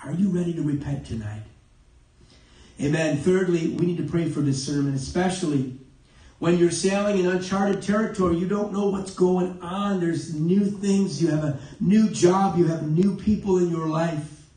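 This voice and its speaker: Guy preaching a sermon, voice a bit high, keeps saying amen, sounds far from the mic in a big echoey church. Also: warm tone. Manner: punctuates with amen, halting with self-corrections. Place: church sanctuary.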